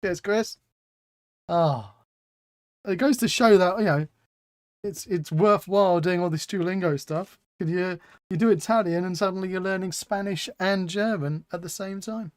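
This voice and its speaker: A man's voice: sits high, moderate pace, dry recording, studio quality. A man hosting a live stream, chatting casually and reading out chat with self-mocking humor. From England.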